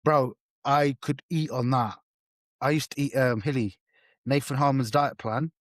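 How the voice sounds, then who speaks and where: Podcast co-host, mid-pitched voice, lively street-slang storyteller, dry close sound. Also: male voice, a little slow, no echo. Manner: slangy, animated storyteller, swears freely. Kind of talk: casual storytelling chat.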